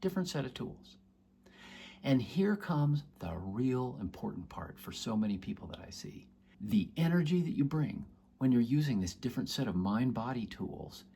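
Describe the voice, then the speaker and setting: A man's voice: mid-range voice, gravelly, mellow, breathy edge. A man, a doctor, explaining earnestly to camera and acting out quoted voices in his examples. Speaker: doctor teaching about chronic pain. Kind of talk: educational talk to camera.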